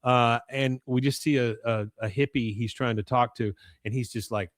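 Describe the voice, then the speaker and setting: A man's voice: mid-range voice, fairly even intonation, moderate pace, dry recording, clean studio sound. A man hosting a podcast in casual chat, retelling scenes and quoting characters' lines with frequent laughter. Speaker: podcast host recapping an episode.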